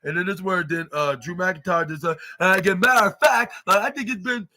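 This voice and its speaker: A man's voice: high-pitched, fairly quick, sharp tone. A man hosting a podcast, recapping a wrestling show in a loose, rambling way with many fillers and restarts. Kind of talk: casual recap.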